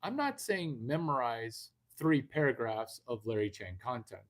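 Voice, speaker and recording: With a mid-range, sing-song voice and a measured pace, a man hosts an unscripted livestream. He's loud-mouthed and profane, rambling on as he talks straight to his viewers.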